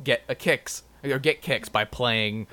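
A man's voice: mid-range voice, slow, sharp tone. A man co-hosting a casual podcast, reading out strange news stories with playful, exaggerated reactions and jokey asides. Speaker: podcast co-host.

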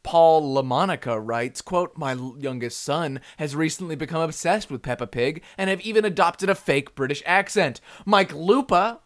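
A man's voice: on the high side, normal speed, few pauses. A man co-hosting a casual comedy news chat, reading out stories, joking and laughing often. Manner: jokey, laughs often, reads news items aloud. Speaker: podcast co-host.

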